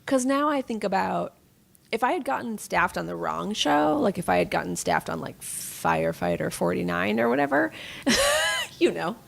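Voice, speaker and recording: A woman's voice: mid-range voice, sing-song, normal speed, vocal fry. A woman writer chatting casually as a podcast guest, self-deprecating and laughing often. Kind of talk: casual interview chat.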